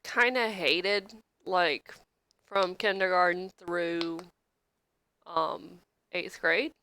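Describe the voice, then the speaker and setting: A woman's voice: on the low side, fairly even intonation, drawn-out words, sharp tone, smooth. Young woman, podcast co-host, casual chat, blunt, swears, rambly. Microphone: podcast microphone, streamed live.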